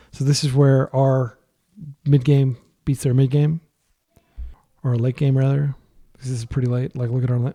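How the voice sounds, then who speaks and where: Soft-spoken gravelly man talking through a match. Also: mid-range voice. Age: adult, a parent. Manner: soft, light-voiced talk, thinking out loud. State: voice worn from a long day of talking. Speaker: card game player commentating his own match. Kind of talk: online card game commentary, thinking aloud.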